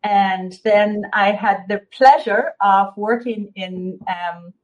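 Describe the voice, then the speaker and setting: A woman's voice: medium pitch, takes it slowly, lo-fi sound. A middle-aged Irish woman, a guest therapist, chatting freely in an interview, with many fillers and restarts. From Ireland. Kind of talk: casual interview chat.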